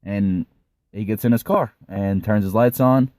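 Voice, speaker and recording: A young man rambles through a personal story in a relaxed, offhand way, swearing now and then. His voice sits low and sounds mellow and warm. The recording is dry and close. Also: a little slow, dry recording. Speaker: vlogger. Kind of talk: casual storytime.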